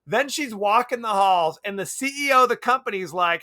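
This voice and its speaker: A man's voice: high-pitched, fast, few pauses, bright, forceful tone. A man co-hosting a podcast, chatting casually and animatedly about a movie, often laughing and acting out lines. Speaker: podcast co-host.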